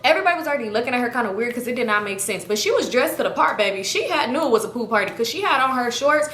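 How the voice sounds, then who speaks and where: A woman's voice: fairly high pitch, very fast, slight background noise. A young woman telling a story from her own life in a casual, slangy way, acting out what people said. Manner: animated, slangy, acts out quoted people. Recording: echoey room.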